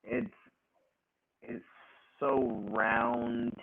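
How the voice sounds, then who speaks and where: A man's voice: mid-range voice, very slow, creaky. A man co-hosting a casual wrestling podcast, ranting with profanity and laughter over remote call audio. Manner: profane, animated, laughing rants. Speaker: podcast co-host. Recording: tinny phone-like audio.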